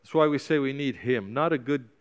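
A man's voice: mid-range voice, a little fast, smooth. A male pastor preaching a sermon with passion, urging and exhorting his congregation with repeated calls.

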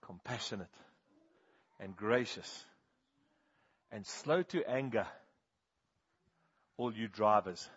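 Preacher guy, husky voice, muffled recording, goes loud then real quiet telling stories. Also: fairly low pitch, slow, pauses often. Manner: animated storyteller, swings from loud to hushed. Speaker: pastor. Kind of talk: sermon with stories. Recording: dull, muffled sound.

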